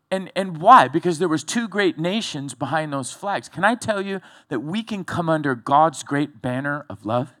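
A male pastor preaching a sermon, telling a story in a loose, conversational way with animated build-ups. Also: a little high, no echo, studio quality.

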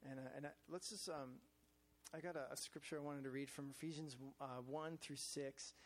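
Guy rambling thru a church testimony, kinda higher voice, lots of ums and restarts. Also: steady tone, fairly quick. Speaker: church staff speaker sharing a devotional. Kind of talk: informal testimony talk to a group. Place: in front of a group, gadgets in hand.

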